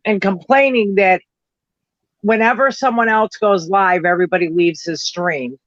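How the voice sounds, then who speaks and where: A man in a casual livestream chat, talking in a chatty way and reacting quickly. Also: high voice, fairly bright tone, no room sound. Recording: dull lo-fi stream audio.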